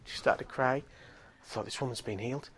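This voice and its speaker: A middle-aged man preaching, telling a healing story with animated swings from hushed tones to loud exclaiming. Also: mid-range voice, normal speed, breathy edge. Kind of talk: storytelling sermon.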